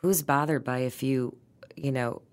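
A woman's voice: extremely low pitch, fairly even intonation, a little slow, darkish tone. A woman chef talking casually and emphatically about plating food, playful and chatty. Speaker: chef and restaurant owner. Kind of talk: casual conversation.

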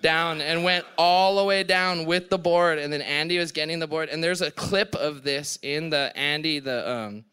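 A man's voice: a little high, fairly even intonation, moderate pace, few pauses, sharp tone, smooth. A young Hawaiian man with a Hawaiian accent, a podcast guest telling a story on stage, laughing and acting out quotes. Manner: laughing, breathless retelling with voiced quotes. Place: live event on stage.

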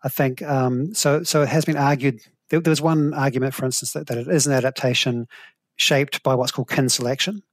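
A middle-aged man with a New Zealand accent, a professor calmly explaining evolutionary ideas in an interview, thoughtful and measured. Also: medium pitch, dry recording. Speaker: guest, evolutionary psychology professor.

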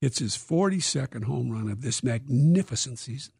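A man, an author being interviewed, telling stories in a lively, dramatic way and acting out quotes. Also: medium pitch, moderate pace, creaky, breathy edge, dry recording, studio quality. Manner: lively, dramatic storyteller who acts out quotes. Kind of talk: animated interview storytelling.

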